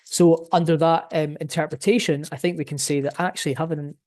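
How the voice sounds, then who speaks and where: A man's voice: a little high, level tone, brisk, a little mellow. A man presenting his research in an academic talk, explaining his findings and thinking aloud as he goes.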